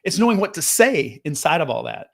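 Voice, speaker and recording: A man in his fifties with a fairly high voice speaks straight to camera like a business coach. He is earnest and lively, restarts his sentences often, and mimics the people he quotes. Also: fairly quick, gravelly. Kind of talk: casual motivational talk to camera.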